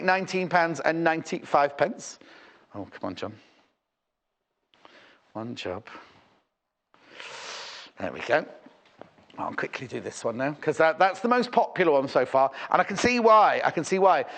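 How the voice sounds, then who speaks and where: British male shopping channel host, higher pitch, very animated, chatty and rambling. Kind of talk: live TV selling chat.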